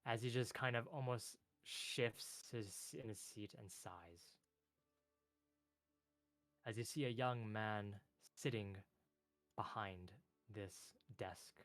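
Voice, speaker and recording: A man narrating a tabletop game as game master in a loose, relaxed way with lots of filler words. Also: on the low side, slow pace, long pauses, dry recording.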